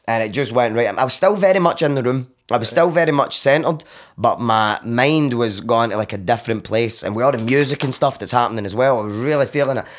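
Young glasgow guy on a podcast, chatty storyteller, mid pitch, acts out bits. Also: a little fast. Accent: Glaswegian Scottish. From Scotland. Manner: animated, acts out his own past cries and quotes. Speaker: podcast guest. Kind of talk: casual storytelling chat.

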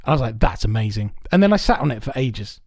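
A man's voice: medium pitch, big pitch swings, quick pace, gravelly, no room sound, studio quality. Rambling, sweary man podcasting from home. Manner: rambling, laughing, sweary storyteller. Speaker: podcast co-host. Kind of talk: casual chat. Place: home recording space with soundproofing.

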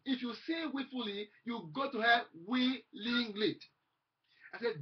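A man delivers a fervent sermon in a husky voice, repeating his phrases and quoting scripture aloud. The recording sounds dull and lo-fi. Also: very high-pitched, unhurried. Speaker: preacher.

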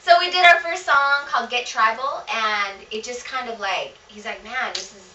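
A woman, a singer and DJ guest, telling upbeat, lively anecdotes in casual chat. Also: fairly high pitch, normal speed, noisy background. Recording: roomy echo, distant mic.

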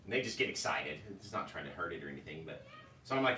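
Male painting host, rambling and casual; bright, forceful tone, distant mic with faint noise. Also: sits low, animated, fast, reverberant. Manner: rambling, chatty, storytelling asides. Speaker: painting instructor. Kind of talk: casual live tutorial chat.

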